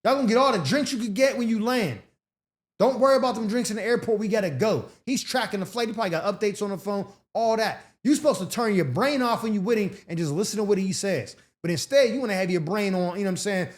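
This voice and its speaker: A man hosting an advice show answers listener letters in a blunt, sarcastic rant. His talk is casual and full of slang and profanity. His voice sits high for a man.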